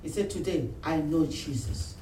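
A pastor preaches with a fairly high voice, playing out his members' lines as he goes. The sound is roomy, picked up from a distance in a church hall with faint background noise. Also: normal speed. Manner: animated preaching, acts out phone calls and voices of church members. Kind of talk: sermon.

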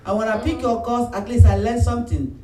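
A pastor preaches with a fairly high voice, playing out his members' lines as he goes. The sound is roomy, picked up from a distance in a church hall with faint background noise. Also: brisk. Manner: animated preaching, acts out phone calls and voices of church members. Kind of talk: sermon.

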